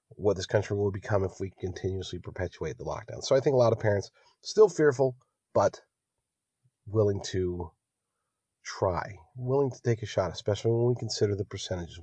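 A man hosting a political podcast, delivering a rousing monologue that builds to near-shouting exhortation. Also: lowish voice, breathy edge, no room sound. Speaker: podcast host.

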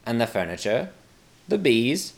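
A man's voice: mid-range voice, big pitch swings, unhurried, creaky. A man voicing a ruthless, scheming young queen who sneers at her rivals. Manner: haughty, sneering.

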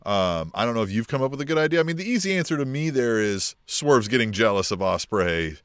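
A man's voice: medium pitch, very animated, fast talker, smooth, no echo, studio quality. A man co-hosting a casual wrestling podcast, laughing often and quoting wrestlers in character. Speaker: podcast co-host. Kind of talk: casual wrestling booking chat.

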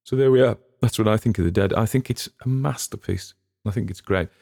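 A man's voice: fairly low pitch, a little fast, vocal fry, warm tone, no echo, studio quality. A man, hosting a podcast and chatting in a rambling, musing way with plenty of restarts. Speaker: podcast host. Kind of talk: casual rambling commentary.

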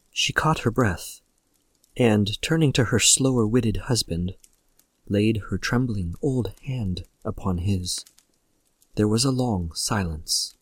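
A man narrates a classic tale of terror at a measured pace. His voice sits in an ordinary middle range, recorded close and dry with no room sound. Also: medium pitch, husky, dry recording. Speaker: podcast narrator. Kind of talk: reading a classic horror story aloud.

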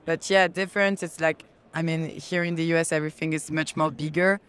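French lady chatting at an expo, smooth clear voice, stops and restarts a lot, handheld mic. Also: deep voice, fairly even intonation. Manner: halting, chatty, many fillers and restarts. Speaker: guest, brand representative. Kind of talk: casual conference interview. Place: conference expo hall.

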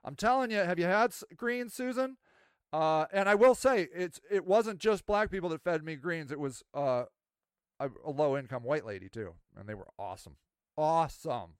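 High-voiced, smooth, rambling man. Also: normal speed, no room sound, clean studio sound. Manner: rambling, self-mocking, animated. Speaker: podcast host. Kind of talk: casual monologue.

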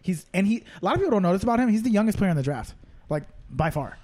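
A man co-hosting a casual basketball podcast, excitable and quick to laugh. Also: sits high. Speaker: podcast co-host. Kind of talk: casual chat.

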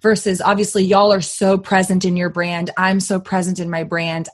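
A young adult woman from Texas, hosting a podcast in a casual, animated and emphatic way. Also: lowish voice, moderate pace. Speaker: podcast host.

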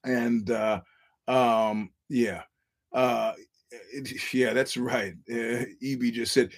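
A man's voice: medium pitch, fairly even intonation, slow. A man hosting a solo podcast, ranting bluntly and swearing often. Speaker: podcast host.

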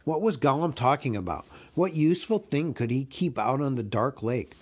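A man reading a classic storybook aloud as host of his own podcast, in a slow, expressive manner. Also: mid-range voice, breathy edge.

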